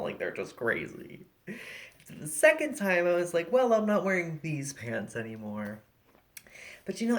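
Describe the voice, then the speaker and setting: A young man with a high voice tells self-deprecating stand-up at home, peppering every line with likes and you-knows. He talks into a laptop on a video call, and the sound is casual and chatty. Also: a bit bright. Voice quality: high-pitched, often mistaken for a woman. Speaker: stand-up comedian. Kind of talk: stand-up set.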